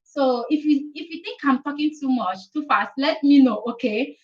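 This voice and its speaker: A woman with a slightly high voice teaches the alphabet in a relaxed live stream. She repeats each letter and keeps asking "okay?". Her voice sounds set back from the mic, with a dull, muffled sound. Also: normal speed, distant mic. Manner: chatty, repeats letters, asks "okay?" often. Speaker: Italian teacher.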